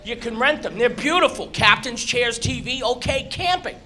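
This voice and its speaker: A man from Massachusetts performing live stand-up comedy, telling animated stories with shouted squeals and acted-out voices. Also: very high voice, moderate pace, soft background music. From Massachusetts, USA. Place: comedy club stage. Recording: live club recording with crowd. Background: audience laughter.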